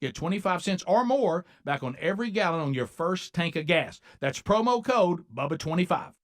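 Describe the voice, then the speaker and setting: A man reading a radio ad in a smooth, punchy delivery. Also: high-pitched, expressive, normal speed. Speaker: radio host. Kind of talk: ad read and casual radio banter. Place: radio studio.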